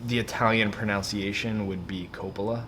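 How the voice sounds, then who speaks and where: Guy co-hosting a podcast, kinda low voice, chill and rambly, noisy recording. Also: normal speed. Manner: relaxed, filler-heavy, chatty. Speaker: podcast co-host. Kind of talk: casual chat.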